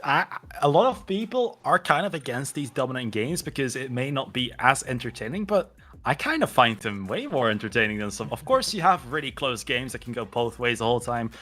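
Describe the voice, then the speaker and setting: Relaxed male esports co-commentator, easy laugh, faint music bed. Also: medium pitch, fairly quick. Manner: laid-back, laughs often, thinks aloud with fillers. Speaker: esports co-caster.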